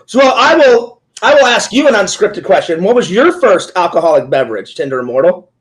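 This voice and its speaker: A man's voice: high-pitched, big pitch swings, fairly quick, rough recording. A man in his forties, an interviewer and streamer, telling a long casual story full of quoted back-and-forth. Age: 40s. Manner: rambling retelling full of "he goes" quotes.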